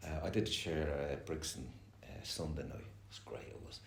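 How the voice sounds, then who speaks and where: A middle-aged man with a very deep voice speaks at normal speed with fairly even intonation. At a recovery meeting he rambles through a candid, heavily profane share, in an echoey room with faint noise.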